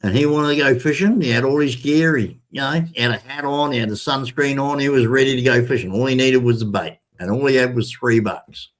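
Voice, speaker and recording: A man's voice: mid-range voice, fairly quick, few pauses. Chatty older man telling a story. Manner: chatty, repetitive, addresses viewers as ladies and gentlemen. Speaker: vlogger. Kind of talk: casual storytelling to camera.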